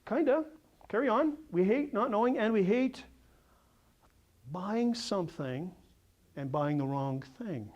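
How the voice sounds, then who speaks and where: A sales coach gives a seminar talk in a fairly high voice. He is energetic and animated, and he tells stories. He keeps drawing the audience in with questions. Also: slow, long pauses, highs cut off. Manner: energetic, animated storyteller who quizzes the audience.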